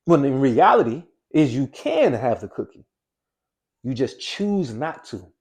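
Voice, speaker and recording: A man giving a casual, motivational talk to camera as a weight-loss coach, repeating key phrases and slowing down to stress single words. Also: mid-range voice, very animated, darkish tone.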